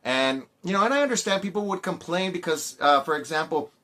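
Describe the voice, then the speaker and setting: A man reviewing a film in a loose, rambling way, tripping over restarts and fillers and sounding fed up. His voice sits a little high for a man and has a bright, forceful edge. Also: animated, a little fast. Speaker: movie reviewer. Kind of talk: casual spoken review.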